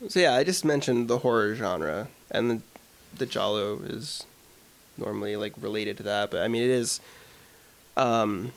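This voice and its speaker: A man's voice: lowish voice, normal speed, gravelly. A man co-hosting a podcast, talking earnestly about films and often stopping to search for words. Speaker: podcast co-host. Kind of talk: casual film discussion.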